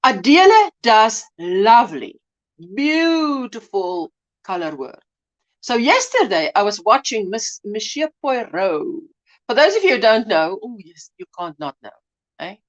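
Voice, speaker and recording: A South African woman hosts a casual crochet livestream, greeting viewers in a chatty, gushing way with lively swings in pitch. She speaks a little slowly, and the recording sounds muffled.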